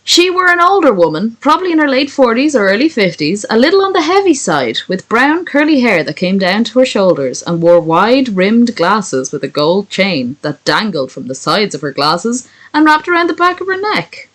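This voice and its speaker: A woman's voice: on the high side, sing-song, normal speed, few pauses, a bit bright, rough recording. A woman reading a story aloud for laughs, breaking off for crude, joking asides. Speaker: reader of a fan story. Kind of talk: comic reading aloud with commentary.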